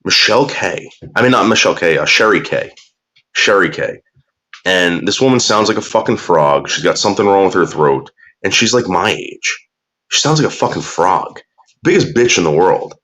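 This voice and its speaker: A man's voice: sits low, animated, normal speed, a bit bright. A man ranting crudely and bitterly in casual talk, drawling some words and muttering others. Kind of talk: profane casual rant.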